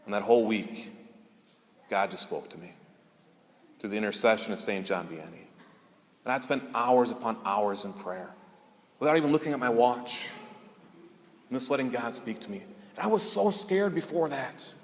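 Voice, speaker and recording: A man's voice: medium pitch, normal speed, pauses often, big-room sound. A man, a priest, giving a sermon and telling a personal story in an earnest, conversational way.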